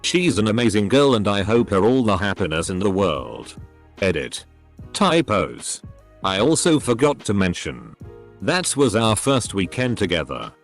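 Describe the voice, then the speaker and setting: A man's voice: on the low side, very animated, a little slow, soft background music. A text-to-speech male voice narrating online posts in scripted style, spelling out censored words letter by letter.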